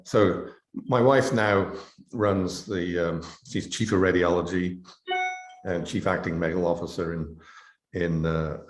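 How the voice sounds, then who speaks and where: This is a middle-aged man with an English accent and a very low voice. He speaks in a loose, rambling way, full of "you know" and restarts, as a guest in a casual interview. The sound carries noticeable room echo. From England. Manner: rambling, many fillers and restarts. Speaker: interview guest, biochemistry professor. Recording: echoey room.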